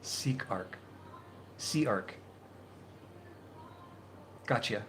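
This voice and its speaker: A man hosting a casual live stream, reading viewer comments and chatting in a rambling, halting way, repeating his words. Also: medium pitch, expressive, fairly bright tone, a little hiss or hum. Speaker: YouTube channel host.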